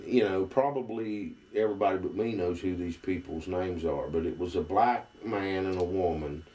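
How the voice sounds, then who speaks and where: A man's voice: low-pitched, warm tone, distant mic. A man with a Southern US accent, telling stories in a folksy, drawling way in a casual conversation. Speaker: guest.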